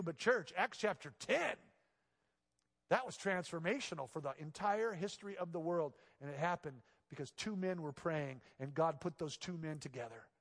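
Pastor preaching in a reverberant sanctuary. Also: male voice, a little high. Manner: swings between hushed, intimate passages and loud, emphatic exclamations. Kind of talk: sermon. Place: church sanctuary. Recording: long reverb of a large church hall.

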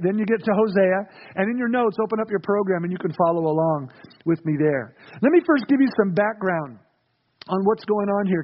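A man's voice: sits high, breathy edge, dull audio. A man preaching a sermon as pastor, casual and joking, and calling the congregation to repeat phrases with him. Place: church sanctuary.

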